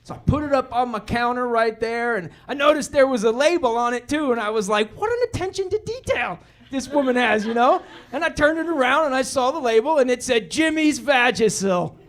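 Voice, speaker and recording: A man's voice: very high-pitched, brisk, hardly any pauses, a little hiss or hum. A man doing laid-back stand-up storytelling, rambling along and acting out the people in his stories. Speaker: stand-up comedian. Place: comedy club stage.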